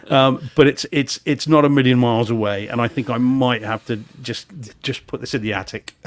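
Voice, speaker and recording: A man's voice: medium pitch, normal speed. Chatty film-reviewing man. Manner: animated, emphatic critic, many restarts and laughs. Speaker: podcast co-host reviewing films. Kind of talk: casual live-stream chat.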